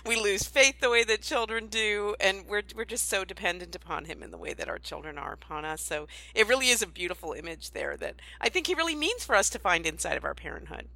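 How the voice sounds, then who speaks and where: A woman's voice: medium pitch, sing-song, quick pace, creaky, hardly any pauses, bright, forceful tone, dry recording. A woman hosting a podcast, talking in a friendly, affirming, conversational way. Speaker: podcast host. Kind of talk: casual faith podcast chat.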